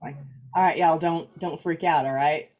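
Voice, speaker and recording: A woman's voice: low voice, steady tone, normal speed, lo-fi sound. A woman playing a tabletop game, talking casually and directly out of character. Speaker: player.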